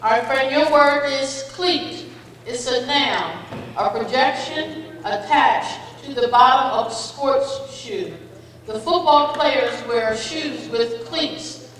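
A woman serving as a spelling bee pronouncer, reading each word with its definition and a sample sentence in a slow, deliberate, encouraging way. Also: sits high, a bit bright. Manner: slow, deliberate, encouraging, calls contestants "friend". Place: school auditorium. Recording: echoey hall, voice from a distance.

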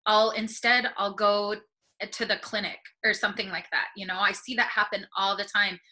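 A woman's voice: medium pitch, fairly even intonation, quick pace, sharp tone, low-quality recording. A woman speaking earnestly and encouragingly on a video call webinar, getting emotional as she talks. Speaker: panelist on plant medicine. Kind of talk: webinar talk.

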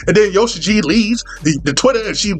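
High-voiced man telling a profane, rambling story. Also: animated, fairly quick. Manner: profane, rambling, full of restarts and quoted dialogue. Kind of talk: comedic storytelling commentary.

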